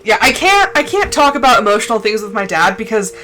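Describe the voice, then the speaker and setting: A woman's voice: on the high side, sing-song, fast talker, bright, forceful tone, faint music behind, poor audio. A young woman streamer tells a personal story on a live stream, talking casually and crying as she goes. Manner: emotional, tearful storytelling. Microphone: desk mic, no camera.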